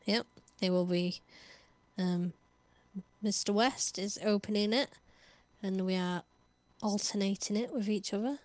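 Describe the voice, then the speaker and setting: A woman's voice: medium pitch, measured pace, long pauses, darkish tone, no echo. A woman co-hosting a radio show, chatting casually, teasing her partner and laughing easily while plugging upcoming shows. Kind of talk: casual chat.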